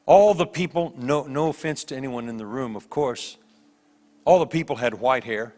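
A man preaching a sermon as a guest preacher, telling stories with lively voiced characters. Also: medium pitch, normal speed. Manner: animated storytelling with voiced characters. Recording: long hall reverb.

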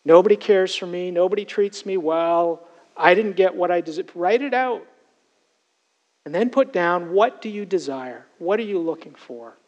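High-voiced man preaching earnestly. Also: rough recording. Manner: earnest, emphatic preaching with repeated direct address. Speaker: pastor. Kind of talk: sermon.

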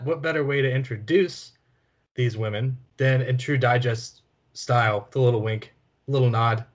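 A man co-hosting a film podcast, talking casually with blunt, sarcastic, profane remarks. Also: medium pitch. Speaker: podcast co-host.

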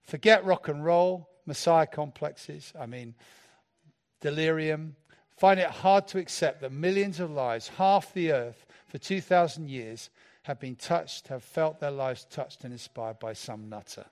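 A man preaching a sermon in a playful, animated way, joking with the congregation. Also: a little high, unhurried.

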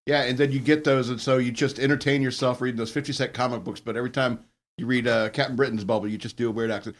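A man's voice: medium pitch, steady tone, fast talker. A man co-hosting a casual chat podcast, talking hesitantly with many fillers. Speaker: podcast co-host.

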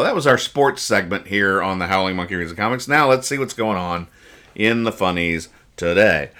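A man's voice: low-pitched, bright, forceful tone. A man hosting a podcast, casually reading comic strips aloud, joking, rambling and explaining each joke. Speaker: podcast host.

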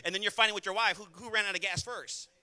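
A man preaching a sermon as pastor, talking quickly and emphatically, and calling out to the congregation for responses. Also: sits high, steady tone, bright, forceful tone. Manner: rapid, conversational delivery.

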